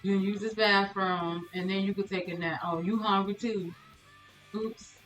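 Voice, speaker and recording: A woman's voice: mid-range voice, steady tone, moderate pace, fairly bright tone, reverberant, faint music behind, poor audio. A woman streamer commentating a life-sim game live, exasperated and laughing as she talks to her chat.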